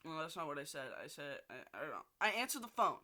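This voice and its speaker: A man's voice: a little high, very animated, quick pace, bright, forceful tone. A young man ranting casually in a video diary, swearing often and rambling with restarts. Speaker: video diarist.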